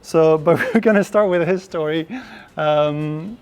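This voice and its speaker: A man with a notably high speaking voice hosts a relaxed chat. He talks loosely, with plenty of fillers, and gives his listeners friendly warnings. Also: measured pace, smooth. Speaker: host. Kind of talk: casual chat.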